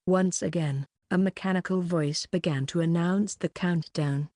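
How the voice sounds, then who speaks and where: A woman narrating a light novel audiobook, reading every character in a near-even voice. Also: fairly low pitch, moderate pace, hardly any pauses, no room sound, studio quality.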